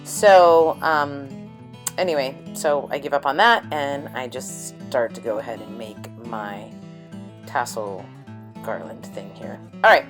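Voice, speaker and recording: A woman's voice: a bass voice, a little slow, over music. A woman hosting a casual crafting vlog from her home craft table, chatty and rambling. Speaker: craft channel host.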